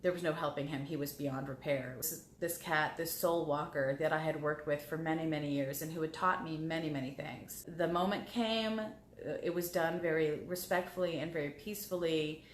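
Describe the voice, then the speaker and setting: A woman's voice: sits low, steady tone, normal speed, roomy sound, slight background noise. A woman guest on a talk show, telling personal stories in a heartfelt way and repeating words as she remembers. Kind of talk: personal storytelling.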